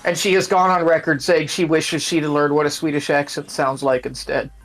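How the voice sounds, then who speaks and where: A man's voice: a little high, flat delivery, moderate pace, a bit bright, soft background music. A man co-hosting a game stream in casual chat, telling trivia and swearing freely. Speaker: stream co-host.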